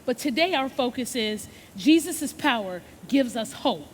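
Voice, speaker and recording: A woman's voice: fairly high pitch, expressive, measured pace, in a large hall, slight background noise. A woman hosting a children's Bible lesson, upbeat and coaxing, often checking in with "right?". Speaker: children's ministry host.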